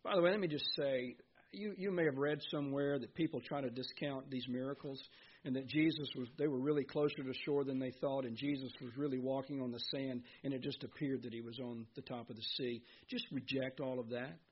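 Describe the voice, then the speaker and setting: A man's voice: medium pitch, steady tone, fairly quick, muffled recording, a little hiss or hum. A man preaching a sermon as pastor, reading scripture and asking his listeners questions. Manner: earnest preaching, reads scripture aloud, asks the congregation questions.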